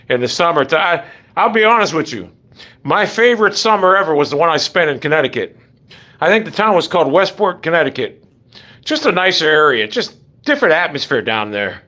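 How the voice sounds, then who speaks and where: Lively, rambling man chatting casually. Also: fairly high pitch, fairly quick. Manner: blunt, profane, wanders between topics.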